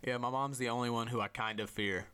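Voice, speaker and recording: A man's voice: medium pitch, fairly even intonation, quick pace, sharp tone, smooth. A man hosting a casual chat, telling stories animatedly, swearing freely and acting out other people's voices. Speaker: host.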